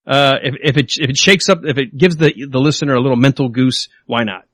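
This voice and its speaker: A man hosting a podcast in casual chat, playful and quick to laugh, often slipping into silly voices. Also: mid-range voice, fairly bright tone, no echo. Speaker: podcast host.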